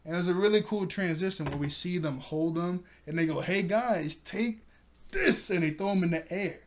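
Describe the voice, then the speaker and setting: A chatty man with a slightly high voice, recapping an episode in a loose, conversational way. He laughs often as he talks. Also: fairly quick, slight background noise. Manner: giggly, chatty. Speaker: anime reviewer.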